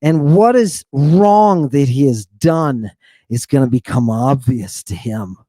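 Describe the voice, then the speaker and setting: A man giving an informal slide lecture in an emphatic, teasing way, pausing for rhetorical questions and asking "right?" again and again. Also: mid-range voice, lively intonation, dark tone, no echo, clean studio sound. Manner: teasing, addresses the audience directly.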